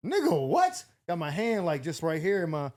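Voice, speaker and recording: A young man telling a wild story in casual chat, animated, swearing freely and acting out the other people's lines. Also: fairly quick. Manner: animated, acts out quotes with big pitch jumps, swears freely. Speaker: podcast host.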